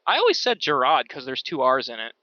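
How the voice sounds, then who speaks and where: A man's voice: medium pitch, huge pitch swings, fast talker, muffled recording. An American man co-hosting a fan podcast, chatting casually and thoughtfully, often restarting his sentences. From United States. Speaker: podcast co-host. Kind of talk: casual chat.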